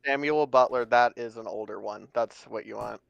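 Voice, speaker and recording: Nasal gravelly man on voice chat. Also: mid-range voice, moderate pace, no echo, muffled recording. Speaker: guest on voice chat. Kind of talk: casual chat.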